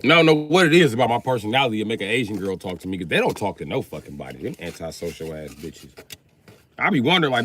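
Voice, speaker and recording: Live-streaming from his car, a man rambles through a crude, joking rant, his sing-song voice swinging up and down in pitch. He talks fast with a fairly bright tone, and the low-quality recording carries a slight hiss or hum.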